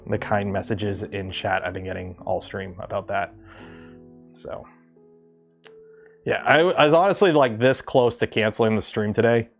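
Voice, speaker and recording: A man from Canada hosting a livestream, talking casually and rambling with lots of ums and restarts. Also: mid-range voice. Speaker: livestream host.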